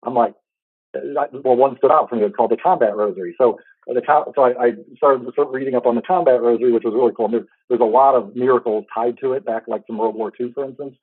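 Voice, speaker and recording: A man in his thirties telling a heartfelt personal story in a casual, halting way, full of restarts. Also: mid-range voice, steady tone, no echo, phone-quality sound. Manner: fast, halting, with many restarts and fillers; earnest, heartfelt. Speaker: podcast host.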